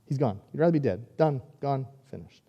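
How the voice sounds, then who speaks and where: A man preaching a sermon in a conversational, animated way, acting out quoted lines. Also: mid-range voice, a little fast, slightly rough, dull audio. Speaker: pastor.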